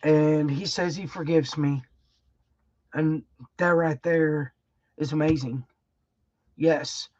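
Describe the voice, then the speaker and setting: A middle-aged woman talks slowly and warmly to viewers of her livestream, rambling and laughing in a folksy, emotional way. The sound is dry and close, a little dull and lo-fi. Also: low voice, steady tone, no echo. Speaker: livestream host. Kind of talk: casual heartfelt livestream chat.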